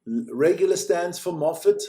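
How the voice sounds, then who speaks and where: Excitable higher-voiced male race commentator. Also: measured pace. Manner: chatty, joking, excitable during races. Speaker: live watch-along commentator. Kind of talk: casual live race commentary.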